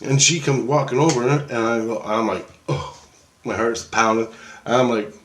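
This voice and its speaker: A man telling a dream story in a rambling, excitable, profane way and acting out the dialogue. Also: mid-range voice, moderate pace, echoey room.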